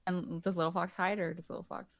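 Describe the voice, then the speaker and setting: A woman playing a tabletop game, chatty and a little hesitant, with quick laughs. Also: lowish voice, little pitch movement, vocal fry. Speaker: player. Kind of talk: casual tabletop play.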